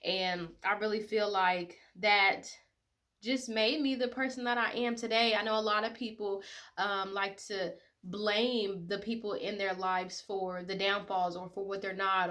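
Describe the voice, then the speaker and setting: A twentysomething woman with a sharp-toned, mid-range voice talks to her viewers casually from the heart. As a vlogger speaking personally to camera, she becomes emotional, tearful at moments, and fills her speech with fillers.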